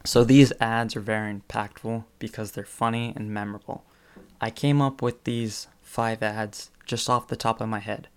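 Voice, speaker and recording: Speaking at a moderate pace with a flat delivery, a man with a low-leaning, clear, resonant voice recounts funny stories in a presentation. Fillers pepper his chatty retelling, and he chuckles between phrases.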